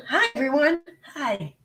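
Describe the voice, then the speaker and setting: A woman live streamer, sick with a bad cold and clearing her throat, chatting bluntly and swearing freely as she greets her viewers. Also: high voice, lively intonation, slow. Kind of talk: casual livestream chat.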